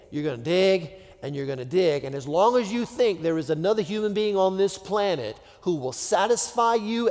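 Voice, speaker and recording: Here a male pastor's voice sits high with a darkish tone as he delivers a conversational sermon. He drops almost to a whisper for effect and performs imagined voices, all inside a long, reverberant hall.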